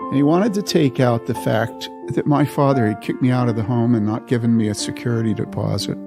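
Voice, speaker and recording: Older man, gravelly, earnest personal storyteller, soft music bed. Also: medium pitch, fairly quick. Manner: earnest, emotional, with acted quotes. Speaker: storyteller recounting family memory.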